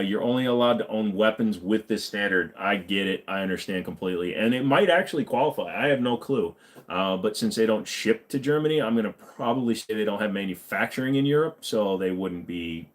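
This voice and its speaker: A man hosting a firearms channel, answering viewer questions in a laid-back, rambling way with casual swearing. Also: lowish voice. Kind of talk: casual livestream Q&A.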